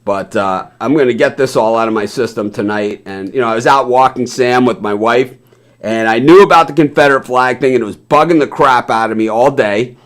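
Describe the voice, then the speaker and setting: A man's voice: mid-range voice, fairly quick, fairly bright tone. A man from the American South hosting a sports news stream, ranting live in a heated, blunt way, swearing often and ending lines with "man". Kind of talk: live impassioned rant.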